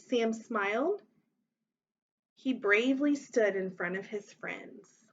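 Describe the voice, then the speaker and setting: A woman teacher reading a children's story aloud, voicing the characters with big expressive lifts in pitch. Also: takes it slowly, pauses often, lo-fi sound.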